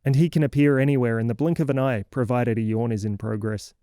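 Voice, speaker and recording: A man's voice: mid-range voice, steady tone, fast, mellow, smooth, no echo, clean studio sound, lightly acted. A man playing a cranky older man who sarcastically scolds a kid in a comic horror audio story. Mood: sardonic lecturing.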